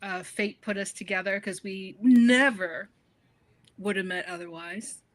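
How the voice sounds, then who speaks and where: A middle-aged woman from the northern United States, a book author, chatting as a guest in an interview and telling stories with animated laughter. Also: medium pitch, a little slow. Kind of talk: casual interview conversation.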